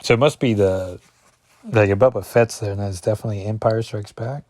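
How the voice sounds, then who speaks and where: A man's voice: on the low side, a little mellow, no echo. A man reviewing a comic book, chatting casually and reading the dialogue aloud. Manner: rambling, chatty, many fillers and asides; reads dialogue in quick plain voices.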